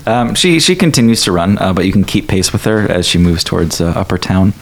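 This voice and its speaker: A man with a very low voice narrates a tabletop game as its game master. He meanders through his descriptions, leaning on fillers and little restarts. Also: lively intonation, brisk, gravelly, slight background noise. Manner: rambling, many ums and likes.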